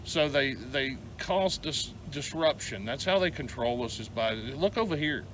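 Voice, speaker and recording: A man's voice: medium pitch, lively intonation, measured pace, a bit bright, a little hiss or hum. Frustrated Southern man venting. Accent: Southern American. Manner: rambling, frustrated, repeats words. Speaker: vlogger. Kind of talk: angry venting rant to camera.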